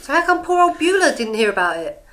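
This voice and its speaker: A woman's voice: sits high, big pitch swings, fast talker, a bit bright. Woman, English, podcast co-host, casual recap chat, chatty, laughs often.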